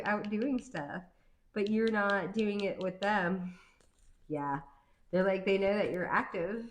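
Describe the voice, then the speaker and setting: A woman giving a casual tarot reading, rambling and chatty, full of fillers and quick to laugh. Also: mid-range voice, echoey room, rough recording. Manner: playful, laughs easily. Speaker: tarot card reader.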